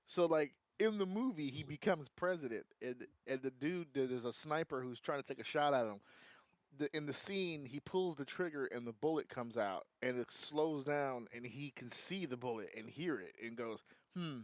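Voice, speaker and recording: Excitable man with a dry, close sound. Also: mid-range voice, normal speed, no echo. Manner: excitable, swears freely, acts out scenes while laughing. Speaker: podcast co-host. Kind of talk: casual podcast banter.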